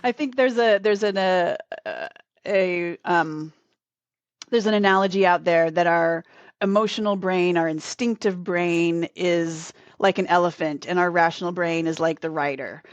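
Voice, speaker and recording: A woman coach speaks as an interview guest, relaxed and explanatory, often using "like" as a filler. Her voice sits low. The audio is dry and a little dull, like a remote recording. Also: a little slow, no echo. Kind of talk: casual conversational interview.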